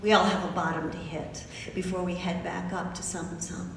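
A woman preacher giving a sermon, telling a story with emphatic, animated asides. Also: on the low side, moderate pace, recorded from a distance, slight background noise. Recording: echoey hall recorded from afar.

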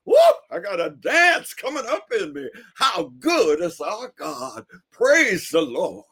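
A man doing a jubilant old elder, his voice jumping high and loud as he hollers hallelujahs. He preaches and praises with swooping, lively pitch and a husky edge. The figure stays exuberant from line to line. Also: slow pace, exaggerated voice. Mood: ecstatic. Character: older male churchgoer, ecstatic, praising God loudly.

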